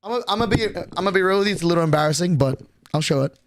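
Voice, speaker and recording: A young man chats to his stream audience in a loose, rambling way, tripping over his words and swearing freely. His voice sits a little high for a man, and the sound is dry and close with no room echo. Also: expressive, rapid-fire. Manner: rambling, profane, many restarts and fillers. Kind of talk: casual stream chat, storytelling.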